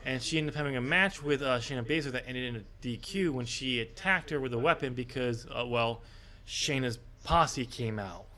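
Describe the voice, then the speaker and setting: A man's voice: mid-range voice, moderate pace, few pauses, bright, forceful tone, a little hiss or hum. A man co-hosting a casual wrestling predictions podcast, talking in a hesitant way with many fillers. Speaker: podcast co-host.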